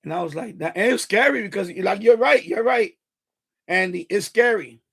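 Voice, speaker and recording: A man from Puerto Rico hosting a casual live stream chat, animated and profane, stumbling over restarts as he talks. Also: sits high, normal speed, gravelly, breathy edge.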